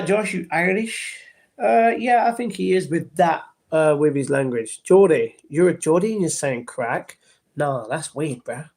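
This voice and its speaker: A talkative man runs a laid-back home livestream, answering viewer messages as they arrive. Pitched a bit above the typical male voice, with a darkish tone, he gets slightly defensive and starts explaining himself when replying to chat.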